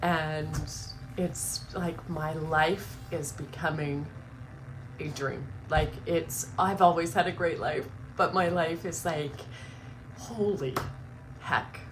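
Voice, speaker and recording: A woman's voice: low-pitched, steady tone, slow, background noise. A woman hosting her morning live stream, chatting emotionally, laughing through tears and gushing with many restarts. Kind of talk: casual emotional chat.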